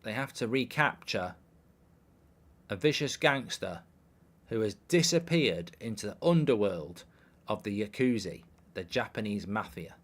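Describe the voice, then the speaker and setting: A man in his thirties with a fairly low, animated voice speaks a little slowly while hosting a live football watchalong. He chats casually and reads viewers' questions aloud from the stream in a dry, offhand way.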